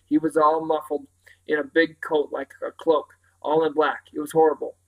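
A man's voice: a little high, flat delivery, moderate pace, fairly bright tone, rough recording. A man reading a storybook aloud, voicing an anxious boy who talks breathlessly. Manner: breathless, panting.

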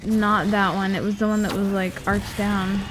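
A woman's voice: mid-range voice, flat delivery, normal speed. A young woman playing a video game with friends, chatting casually, swearing a lot and ranting in exasperation. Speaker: gamer. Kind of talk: casual gaming chat. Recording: noisy game capture audio.

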